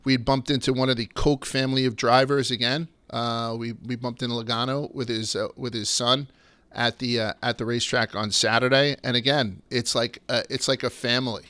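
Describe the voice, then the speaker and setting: A man with a bright, forceful voice hosts a laid-back podcast and spins stories with plenty of swearing. His delivery is clean and crisp, recorded close and dry with no room sound. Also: mid-range voice, level tone, brisk, no echo. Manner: loose and swearing, storytelling. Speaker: podcast host. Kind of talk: casual podcast chat.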